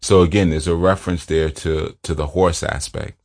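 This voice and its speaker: A man's voice: low voice, fairly even intonation, moderate pace, a little mellow. A man giving a loose, conversational commentary on a film, often checking in with the listener. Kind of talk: casual spoken commentary.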